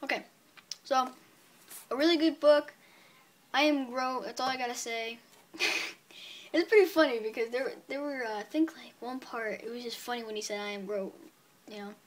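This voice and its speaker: A woman's voice: high-pitched, moderate pace, long pauses. A woman casually reviewing her comic book purchases on video, chatty and upbeat, rambling with many fillers.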